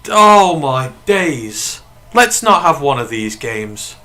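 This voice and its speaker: A man hosting a live sports watch-along stream. His voice has a forceful, bright edge at a middling pitch. He reacts excitably and flares into outrage at the play, then reads and answers viewer messages in the same animated way. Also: slow pace. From United Kingdom. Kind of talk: live watch-along commentary and chat reading.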